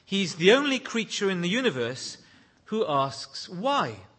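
A man preaching a sermon with a high, bright voice. He speaks slowly and earnestly, and swells to loud exclaims when he quotes lines of praise. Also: very animated, breathy edge. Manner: leads prayer in a hushed, low voice.

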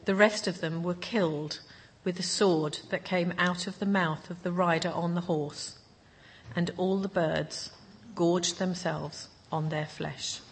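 A woman reads scripture aloud in a steady, measured way. Her voice is low and husky, and she takes her time. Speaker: scripture reader.

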